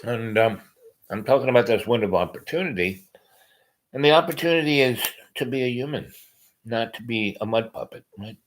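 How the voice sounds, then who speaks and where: A man's voice: medium pitch, animated, a little fast, slight background noise, rough recording. A man hosting a podcast, talking in a meandering casual monologue with many fillers and restarts. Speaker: podcast host.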